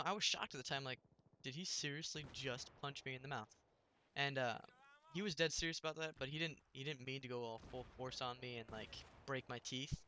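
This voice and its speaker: A man's voice: medium pitch, sharp tone, slight background noise. A young man telling a rambling story while commenting on his gameplay, with many restarts.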